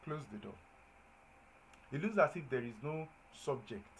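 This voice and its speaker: A man's voice: a little high, a little slow, a little hiss or hum, low-quality recording. Man teaching grammar, often asking "do you understand?". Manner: checks understanding with repeated questions, lively emphasis on examples. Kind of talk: classroom-style grammar lesson.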